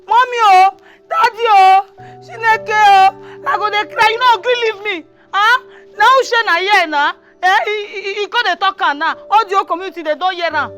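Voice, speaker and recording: A whiny Nigerian wife. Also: female voice, extremely high pitch, bright, forceful tone, exaggerated voice. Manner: whiny and insistent, drawn-out wails. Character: complaining wife and mother. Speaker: wife and mother. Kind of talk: Nollywood comedy acting.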